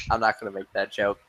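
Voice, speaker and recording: A man's voice: lowish voice, pushed and bright, no echo, lo-fi sound. A man in casual voice chat, offhand and joking, trailing off as he talks.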